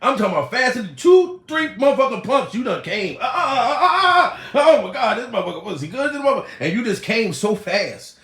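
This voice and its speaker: A man's voice: high-pitched, sing-song, fast, hardly any pauses. A man hosting a comedy livestream, ranting profanely, laughing often and putting on mock crying. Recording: echoey room.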